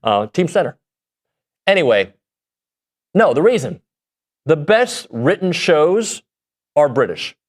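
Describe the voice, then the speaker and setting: A man's voice: fairly high pitch, slow pace, pauses often. A man hosting a sports radio show, chatting casually with jokes and rambling asides. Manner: animated, joking, rambling.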